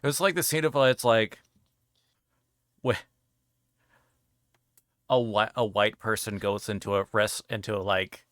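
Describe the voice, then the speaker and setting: A man's voice: fairly low pitch, steady tone, measured pace, long pauses, fairly bright tone, no room sound, studio quality. A male guest in a casual chat, rambling with frequent restarts and fillers.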